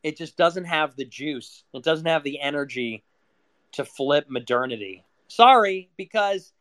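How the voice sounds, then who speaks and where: A man's voice: fairly high pitch, animated, a bit bright, no echo. A young man from Chicago, a political commentator in a sarcastic, profane solo rant. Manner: sarcastic, profane, rapid-fire.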